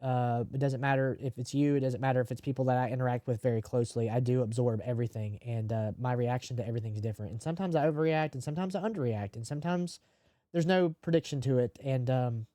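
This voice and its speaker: A man hosting a gaming podcast, speaking candidly and emotionally, with deadpan jokes. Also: medium pitch, quick pace, no echo, clean studio sound. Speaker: podcast host and live streamer. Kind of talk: casual podcast chat.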